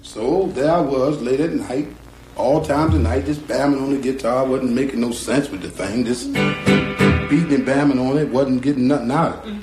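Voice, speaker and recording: A middle-aged man, a guitarist, telling a story slowly and drawling, acting out the voices of the people in it. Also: medium pitch. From North Carolina. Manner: slow, drawling, acts out quoted voices. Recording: roomy echo, guitar behind.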